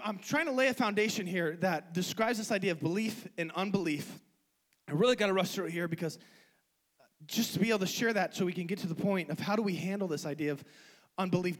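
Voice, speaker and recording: High-voiced man preaching with passion. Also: rough recording. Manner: passionate, swings from hushed to loud preaching. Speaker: pastor. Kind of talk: sermon.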